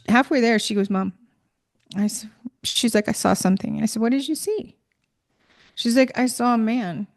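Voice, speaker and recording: Middle-aged woman, casual storyteller, rambling with fillers, mid-range voice. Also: medium pitch. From Minnesota. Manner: rambling, many fillers and restarts.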